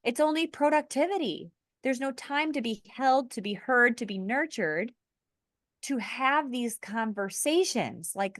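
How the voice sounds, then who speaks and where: A woman hosting a casual podcast conversation, earnest and animated, laughing lightly between points. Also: on the high side, measured pace, dry recording, studio quality. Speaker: podcast host.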